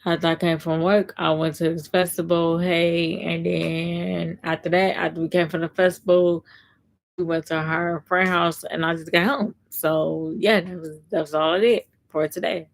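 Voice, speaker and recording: Low, gravelly woman chatting on a live stream. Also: little pitch movement, normal speed, rough recording. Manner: chatty, reads and answers viewer comments. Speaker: livestream host. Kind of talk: casual livestream chat.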